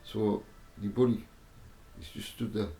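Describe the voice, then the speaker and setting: Slow, halting man telling a testimony. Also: lowish voice, fairly even intonation, creaky, warm tone. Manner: halting, repeats words and restarts often. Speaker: storyteller giving a spiritual testimony. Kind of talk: personal testimony storytelling. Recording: roomy echo with faint music behind.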